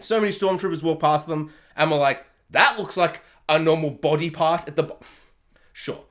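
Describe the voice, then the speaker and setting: A man's voice: on the high side, fairly bright tone. Sarcastic, rambling male reviewer. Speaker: video reviewer. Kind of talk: casual review rant.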